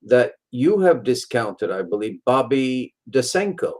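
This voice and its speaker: A man co-hosting a live podcast, adding short, measured remarks. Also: mid-range voice, sing-song, darkish tone. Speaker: podcast co-host.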